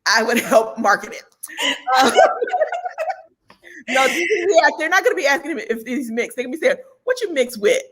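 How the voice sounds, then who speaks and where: A woman co-hosting a casual chat show, animated and quick to laugh, agreeing often. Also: high voice, a little hiss or hum. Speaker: podcast co-host.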